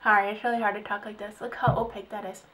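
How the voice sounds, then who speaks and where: A young woman chatting casually as a beauty vlogger, gushing and telling stories in an animated way at her vanity. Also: mid-range voice, very fast, noisy background. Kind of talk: casual chat. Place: home vanity area.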